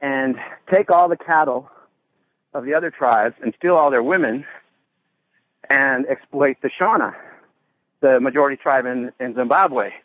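Male caller, mid-pitched, slightly winded, thin phone-line sound. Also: a little slow, pauses often, no echo. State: out of breath from working out. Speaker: radio caller.

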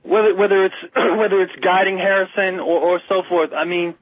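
High, husky-voiced man rambling on radio. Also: fairly even intonation, moderate pace. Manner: rambling, restarts often, emphatic. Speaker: radio co-host. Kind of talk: casual music chat. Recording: slightly muffled radio broadcast.

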